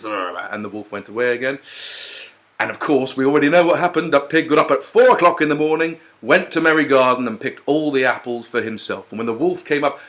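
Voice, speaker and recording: A man telling a fairy tale in a playful, animated way with chatty asides. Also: medium pitch, a little fast. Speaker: storyteller.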